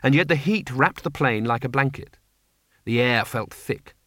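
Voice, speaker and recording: Brief: male audiobook narrator, mid pitch, dry close sound. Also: normal speed, fairly bright tone, no room sound. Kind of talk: scripted narration.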